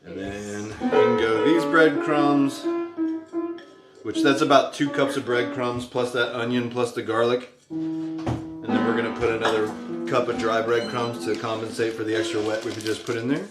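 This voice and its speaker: A man's voice: mid-range voice, normal speed. Easygoing cooking-stream host, man, chatty step-by-step explainer, echoey kitchen, music bed. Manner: relaxed, chatty, explains steps as he cooks. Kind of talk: casual cooking chat. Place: home kitchen. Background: royalty-free background music.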